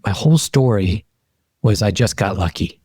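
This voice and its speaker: A middle-aged man, a podcast guest and coach, telling personal stories in an emphatic, animated way that climbs high in pitch when he gets fired up. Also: normal speed, husky, no echo, studio quality. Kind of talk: animated personal storytelling in conversation.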